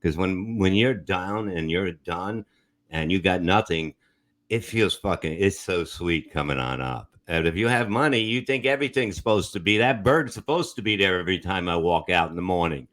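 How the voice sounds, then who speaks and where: A man's voice: low-pitched, expressive, moderate pace, a bit bright. A man on a comedy podcast, rambling through casual banter, swearing constantly and repeating "you know what I mean". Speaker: podcast co-host.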